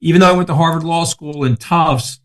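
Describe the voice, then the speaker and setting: Speaking a little fast in a highish voice, a man in his sixties with a Long Island accent tells stories on a casual podcast. He's from Long Island, New York, and his manner is brash and emphatic, with free swearing.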